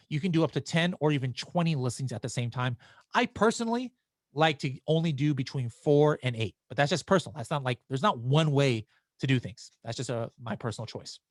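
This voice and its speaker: A man's voice: on the high side, dry recording, studio quality. A man hosting a live webinar, answering viewer questions in a casual, chatty way. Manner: casual and chatty, with frequent restarts and fillers.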